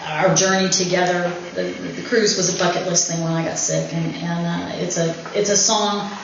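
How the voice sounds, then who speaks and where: A woman's voice: fairly low pitch, level tone, normal speed, creaky, slight background noise. A woman giving an informal speech at her anniversary party in a winery event room, joking and laughing often. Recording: very echoey, dull room recording with ambience.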